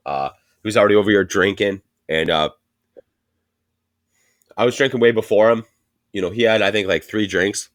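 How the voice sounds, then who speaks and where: A man's voice: fairly low pitch, normal speed, long pauses, no echo, studio quality. A man co-hosting a podcast, telling a rambling, profane story in casual chat and laughing often. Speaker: podcast co-host.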